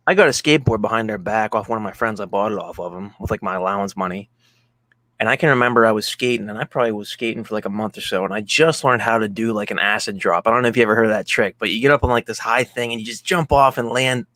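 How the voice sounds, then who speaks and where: A man in casual podcast chat, telling profane, animated stories as a guest co-host. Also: lowish voice, dry recording.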